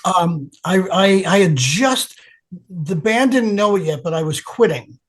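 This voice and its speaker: An older man, a guest guitarist, telling stories in an interview with lively acted-out voices. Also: high voice, measured pace. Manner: animated storyteller, acts out quoted voices. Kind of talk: storytelling interview.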